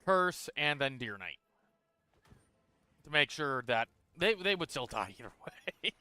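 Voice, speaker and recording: A man streaming a video game, talking through his moves in a relaxed, casual way, a little tired. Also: medium pitch, unhurried, smooth, dry recording. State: tired, yawning. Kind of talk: casual gameplay commentary.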